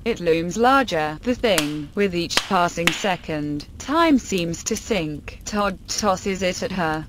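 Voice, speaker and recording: A woman reading a short story aloud as a scripted narration, in an unhurried, steady way. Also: on the low side, a little hiss or hum.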